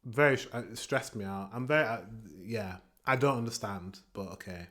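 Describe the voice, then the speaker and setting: A British man from England hosting a reaction video, chatting casually and ranting with animated outbursts. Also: mid-range voice. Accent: British English. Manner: animated, ranting, pauses to comment.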